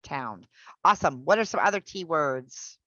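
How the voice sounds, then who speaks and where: A woman teaching an English pronunciation class online. She explains patiently and repeats each example slowly. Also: low-pitched, animated, a bit bright, no echo, lo-fi sound.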